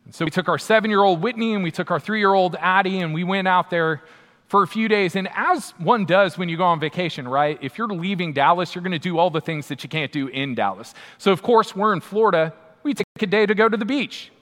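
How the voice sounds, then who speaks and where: A man's voice: high voice, a little fast. A man in his thirties telling a funny, self-mocking story to a live audience in a large hall. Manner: animated, self-mocking, punchy delivery. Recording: long hall reverb.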